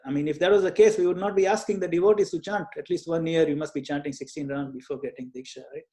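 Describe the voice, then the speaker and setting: A man leading a devotional Q&A over a video call, speaking gently and earnestly with frequent small hesitations. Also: on the high side, steady tone, quick pace. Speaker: Q&A session leader. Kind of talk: online group Q&A, teaching.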